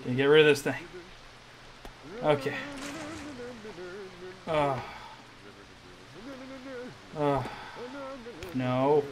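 A man's voice: medium pitch, flat delivery, very slow, long pauses, a crowd in the background, low-quality recording. A man hosting a let's play, commenting on his gameplay and groaning in frustration as he keeps failing. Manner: frustrated, groaning and muttering at the game.

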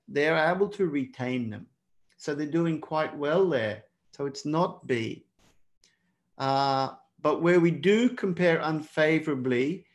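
An Australian man teaching a live online exam prep lesson, encouraging and speaking to viewers in the chat by name. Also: a little high.

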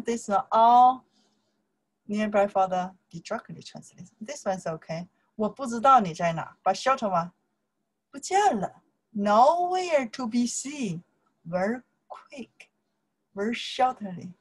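In a low-quality recording, a native Chinese-speaking woman with a Chinese accent teaches a language lesson in simple English. Her voice is medium-pitched, and she explains grammar and repeats phrases.

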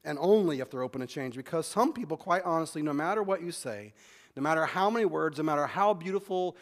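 A man's voice: on the high side, lively intonation. A man pastor preaching a sermon in a conversational way, often restarting and repeating words. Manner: conversational preaching, acts out quick back-and-forth dialogue.

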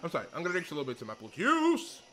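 Young male gamer, high lively voice, bright and excitable, faint game music behind; casual let's-play commentary. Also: rapid-fire. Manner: excitable, swears, apologizes a lot.

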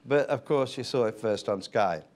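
Older man, blunt and lively guest storyteller, mid pitch. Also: normal speed. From England. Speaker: interview guest, retired politician. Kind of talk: anecdotal storytelling.

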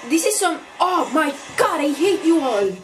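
A woman's voice: high-pitched, sing-song, moderate pace, faint music behind. A woman casually reacting to a TV episode, exasperated and swearing at the characters. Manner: exasperated, swearing, laughing at the screen. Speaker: reaction video host.

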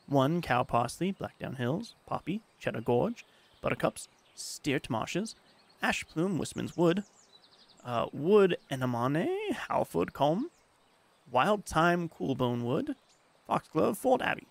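Man, game streamer, gravelly, lively pitch, rambling, reads on-screen text aloud. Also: takes it slowly. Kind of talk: casual game commentary.

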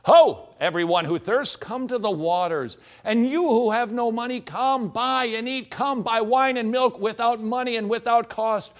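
A man's voice: extremely high pitch, moderate pace, hardly any pauses. A middle-aged man teaching from the Bible on a show, reading scripture aloud and dropping in jokey asides.

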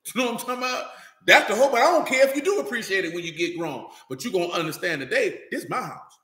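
Man preacher, high and bright, loose street-style delivery, echoey hall. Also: fast talker. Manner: loose, street-talking, animated, repeats "you know what I'm talking about". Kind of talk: animated sermon.

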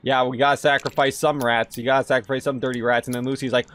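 A man streaming video games, giving sarcastic, excitable commentary that bursts into shouts. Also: mid-range voice, quick pace, hardly any pauses. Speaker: gaming streamer. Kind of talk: casual gameplay commentary.

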